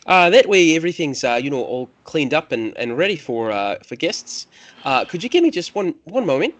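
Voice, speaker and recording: A man puts on a fussy, nervous temple attendant with an Irish lilt, his voice pushed high and loud above the man's own. He stammers and stays painfully polite, tripping over every offer of help. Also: very animated, normal speed. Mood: flustered. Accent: put-on Irish. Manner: flustered, stammering, overly polite.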